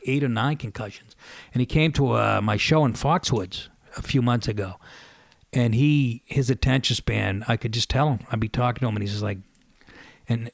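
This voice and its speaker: Fifty-something New radio host, profane storyteller, dry close mic. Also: male voice, medium pitch, gravelly, dry recording. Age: 50s. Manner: profane, storytelling, laughs mid-sentence. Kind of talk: casual monologue.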